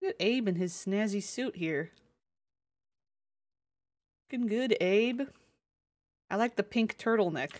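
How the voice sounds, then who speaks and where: A woman's voice: medium pitch, a little slow, pauses often, a little mellow. A woman streamer talking casually and playfully to her viewers as she plays, thinking aloud in a chatty, joking way. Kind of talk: casual live-stream chat while playing a game.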